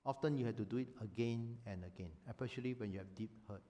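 Animated pastor, man. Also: on the low side, quick pace. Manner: animated, emphatic, acts out quoted voices. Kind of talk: sermon.

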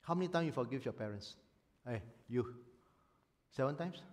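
A man preaching a sermon as a pastor, animated and emphatic, often acting out voices. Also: mid-range voice, normal speed.

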